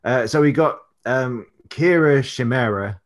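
A man talks through a list of upcoming matches in a relaxed podcast chat. He keeps it loose and conversational, dropping frequent fillers as he goes. His voice sits in an ordinary middle pitch. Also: measured pace. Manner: reels off a match card, loose and chatty with many fillers. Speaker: wrestler and promoter guest.

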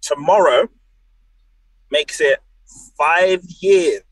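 Brief: man, late 20s, wrestler guest, jokey and animated, slightly high voice. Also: very slow, no room sound, low-quality recording. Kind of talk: casual podcast chat.

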